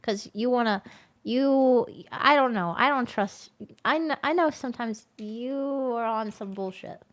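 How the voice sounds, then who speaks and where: A woman streamer chatting casually with her viewers. She is excitable, swears often and shrieks when she thanks people for gifts. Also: a little high, a little slow. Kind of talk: casual livestream chat.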